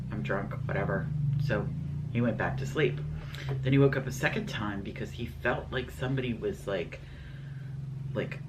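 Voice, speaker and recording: A man's voice: mid-range voice, background noise. A man telling ghost stories in a casual storytime vlog, scatterbrained and rambling with lots of fillers. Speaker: vlogger.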